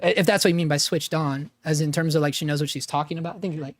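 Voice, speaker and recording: A man hosting a casual livestream, rambling with restarts and dropping "man" and "dude", his voice gravelly after an illness. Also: fairly high pitch, steady tone, fast. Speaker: livestream host and freelance videographer.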